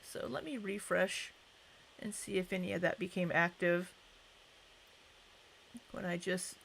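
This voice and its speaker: A woman's voice: lowish voice, steady tone, unhurried, creaky, slight background noise. A young woman hosting a casual livestream, chatting and greeting viewers by name. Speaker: livestream host.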